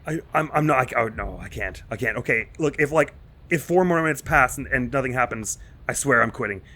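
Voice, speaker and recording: A man's voice: mid-range voice, expressive, a little fast, bright, forceful tone. A man commentating a horror game let's play, rambling and self-mocking, getting panicky and mumbly when spooked. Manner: rambling and self-mocking, jittery with nervous asides. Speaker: gaming channel host.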